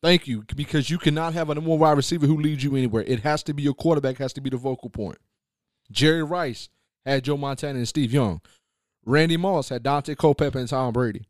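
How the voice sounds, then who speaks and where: A man's voice: medium pitch, fast talker, dry recording, clean studio sound. A man hosting a sports talk radio show, blunt and opinionated, leaning on filler phrases as he rants.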